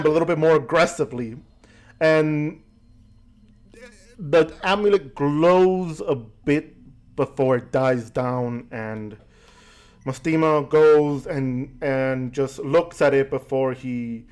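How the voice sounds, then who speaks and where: Man narrating a fantasy tabletop game. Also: fairly high pitch. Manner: relaxed storytelling with quick asides and restarts. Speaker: game master.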